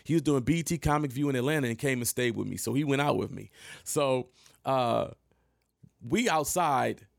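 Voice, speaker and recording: A man in his thirties recounts an old run-in directly to camera in animated, profane storytelling. His mid-range voice has a gravelly edge. The sound is dry and close-miked. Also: medium pitch, normal speed, no room sound. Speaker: vlogger telling a story.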